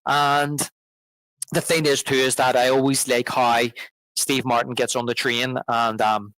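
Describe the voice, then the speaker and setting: A man co-hosting a casual film podcast, middle of the range in pitch. He rambles, restarts often and retells scenes at length. The sound is dry and close. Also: level tone, unhurried, a bit bright, no echo, rough recording. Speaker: podcast co-host. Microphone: podcast microphone.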